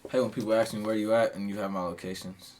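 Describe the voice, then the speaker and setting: A man's voice: lowish voice, flat delivery, fast talker, darkish tone, a little hiss or hum. A young adult man co-hosting a casual podcast, laid-back and opinionated in his asides. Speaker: podcast co-host. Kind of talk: casual chat among friends.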